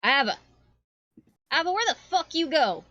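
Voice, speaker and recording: A gruff, foul-mouthed dwarf smith, as a woman game master puts her on, bellowing and grumbling through a tabletop game. The voice is a bit muffled and dull, close and dry in a home setup. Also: mid-range voice, expressive, moderate pace, bright, forceful tone, dry recording.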